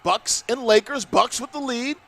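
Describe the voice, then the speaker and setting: A man's voice: very high-pitched, normal speed, vocal fry, bright, forceful tone. Easygoing male play-by-play caller. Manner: easygoing, joking, play-by-play calls. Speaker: esports commentator. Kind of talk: casual live game commentary.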